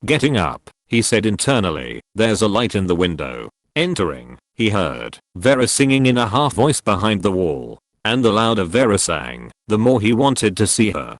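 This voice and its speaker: Low-voiced male audiobook narrator. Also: big pitch swings, moderate pace, few pauses, dry recording. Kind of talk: scripted narration.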